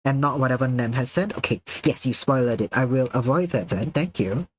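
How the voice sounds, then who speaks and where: A man live-streams and chats casually with viewers, getting excited, swearing freely, and laughing often at their messages. His mid-range voice moves fairly quickly. The low-quality recording carries a faint hiss or hum.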